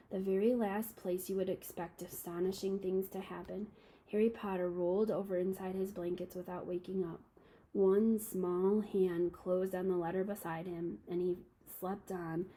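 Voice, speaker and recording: A woman reading a children's novel aloud to a class, calm and steady with small slips. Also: medium pitch, husky, low-quality recording.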